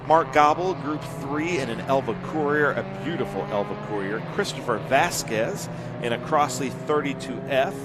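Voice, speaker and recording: A man's voice: mid-range voice, normal speed, over loud music. Chatty male race commentator. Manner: chatty, joking, rattles off driver lists.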